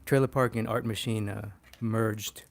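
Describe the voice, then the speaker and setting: A man, a poster artist teaching casually on a livestream, excitable, swearing freely and laughing often. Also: fairly low pitch, measured pace, vocal fry.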